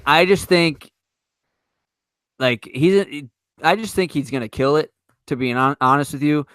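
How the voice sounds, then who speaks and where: A man hosting a casual podcast, swearing often and talking in halting bursts. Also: on the high side, a bit bright, no echo. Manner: swears a lot, halting with restarts. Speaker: podcast host.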